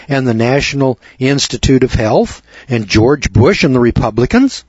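A man's voice: medium pitch, lively intonation, normal speed, hardly any pauses, a little mellow, slightly rough, dry recording. A man hosting a radio talk show, delivering a rambling, preachy monologue that builds to emphatic lecturing. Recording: dull lo-fi dry radio audio.

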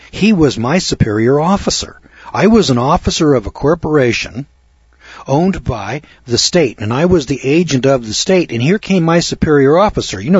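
A man's voice: mid-range voice, husky, dry recording. A middle-aged man telling a rambling, self-mocking story to an audience, repeating words as he goes. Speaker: speaker addressing an audience. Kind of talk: folksy storytelling lecture. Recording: dull muffled dry recording.

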